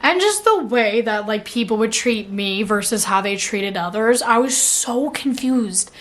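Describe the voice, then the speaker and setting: A woman's voice: fairly high pitch, animated, unhurried. A young adult woman vlogging in casual chat, filling her talk with "like" and laughing at herself. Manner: chatty, filler-heavy with frequent "like"; laughs at herself mid-sentence. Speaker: vlogger answering viewer questions.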